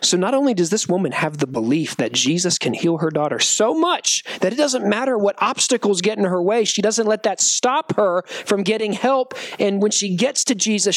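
Animated male youth preacher, jokey, acts out voices, very lively pitch, dry sound. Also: dry recording. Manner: animated, joking, acts out quotes. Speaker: youth pastor. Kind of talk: youth sermon.

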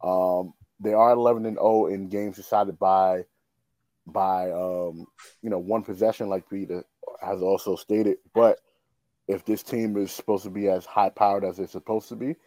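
A man co-hosting a casual sports chat, relaxed, chuckling, and full of fillers and restarts. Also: deep voice, moderate pace, no echo. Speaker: podcast co-host.

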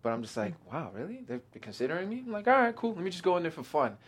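A young man chatting as a guest actor in an interview, excitable, laughing often and acting out his own quotes. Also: fairly high pitch, rapid-fire, husky. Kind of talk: casual interview chat.

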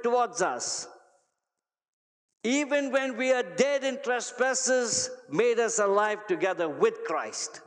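A male pastor preaching a sermon to his church, emphatic and repeating key phrases. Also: high voice. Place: church hall. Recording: long reverb of a large hall.

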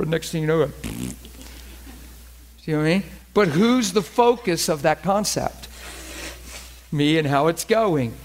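A man with a somewhat high-pitched voice teaches scripture to a small group. His delivery is earnest and conversational. He keeps asking whether his listeners follow him. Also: a little slow, long pauses, a little hiss or hum. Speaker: Bible study teacher. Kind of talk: informal Bible study teaching.

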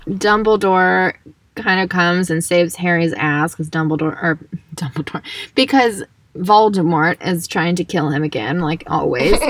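A woman's voice: on the low side, a little slow, dry recording, far from the mic. A woman co-hosting a casual podcast chat, retelling events in a playful, sassy way. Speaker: podcast co-host.

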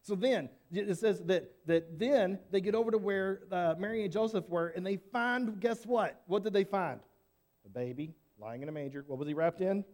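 High-voiced man telling a children's Bible story. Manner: animated, casual, asks the listeners questions.

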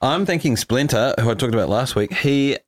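A man's voice: mid-range voice, expressive, a little fast, dry recording, clean studio sound. A man co-hosting a podcast, chatting casually, swearing and joking often. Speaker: podcast co-host. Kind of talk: casual sports podcast banter.

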